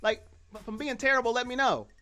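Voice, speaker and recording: A man hosts a casual live football podcast, his voice sitting high and bouncing with excitement. He rambles, repeats points, and pokes fun at his own mistakes, with faint music playing underneath. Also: fast. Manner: excitable, self-deprecating, repeats himself. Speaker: podcast host. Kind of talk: casual live sports chat.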